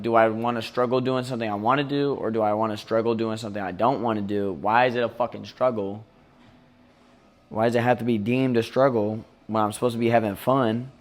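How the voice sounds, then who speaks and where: Profane, venting male streamer. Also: mid-range voice. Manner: mimics others in mocking voices. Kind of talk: casual live-stream rant.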